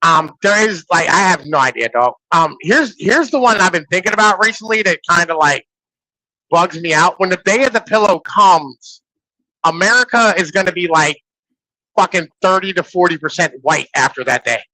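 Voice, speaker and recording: A man in his thirties talking in a casual, animated and profane way on a podcast, often asking "you know what I'm saying". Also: sits high, moderate pace, dry recording, poor audio.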